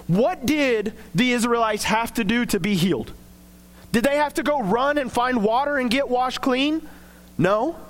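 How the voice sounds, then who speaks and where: A young man preaches with a strikingly high voice, earnest and conversational. He slips into acted quotes and back to plain talk, keeping it personal and direct. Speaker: pastor. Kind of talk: sermon.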